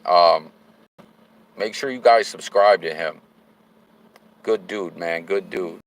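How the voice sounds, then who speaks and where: Slowly and in a low voice, a man chats loosely on a livestream while driving, reading viewer comments aloud with heavy slang and abrupt hyped outbursts. The recording quality is low.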